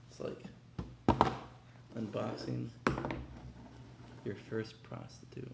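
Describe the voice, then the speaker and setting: A young man hosting a casual unboxing vlog, talking in an excitable, slangy, hyped way. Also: medium pitch, unhurried, gravelly, pauses often, heavy background noise. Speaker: vlogger. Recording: echoey room.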